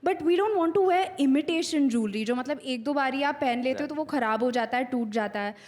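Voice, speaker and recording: A woman with an Indian English accent speaks as the guest of a live on-stage interview. Her voice sits fairly high, and she chats freely with plenty of fillers while facing an audience. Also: racing, darkish tone. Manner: chatty, with many fillers. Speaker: actress and guest.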